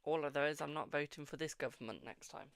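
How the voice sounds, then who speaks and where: A man's voice: a little high, fast, creaky, fairly bright tone, smooth, dry recording. A British man hosting a live-stream tarot reading, affectionate and repetitive, who keeps calling viewers "my darling". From United Kingdom. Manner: affectionate, repeats phrases, calls viewers "my darling" and "boo".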